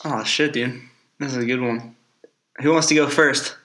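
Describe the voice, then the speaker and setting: A man's voice: medium pitch, fairly even intonation, normal speed, fairly bright tone. Laid-back young man saying dude a lot. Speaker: podcast co-host. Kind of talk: casual storytelling.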